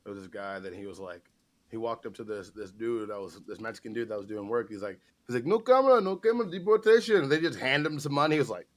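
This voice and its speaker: A man's voice: lowish voice, quick pace, a bit bright. Man rambling casually with profanity. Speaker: podcast co-host. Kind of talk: casual chat.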